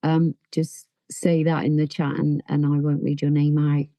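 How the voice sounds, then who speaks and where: A woman's voice: deep voice, monotone, moderate pace, warm tone, no echo, dull audio. A woman hosting an online recovery meeting, chatty and effusive in her praise, on a video call. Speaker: meeting host.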